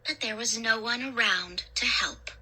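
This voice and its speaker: A woman storyteller reading a first-person horror story in a dramatic, expressive way. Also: fairly high pitch, normal speed, husky. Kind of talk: scripted horror story narration.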